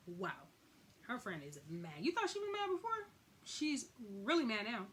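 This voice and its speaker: A woman's voice: medium pitch, big pitch swings, normal speed, fairly bright tone, a little hiss or hum. A woman giving a casual, slangy recap of a TV episode, acting out the characters' lines as she goes. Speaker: recap vlogger.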